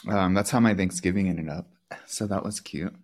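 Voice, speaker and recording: A man's voice: deep voice, moderate pace. Wry man co-hosting a podcast. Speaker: podcast co-host. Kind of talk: casual chat.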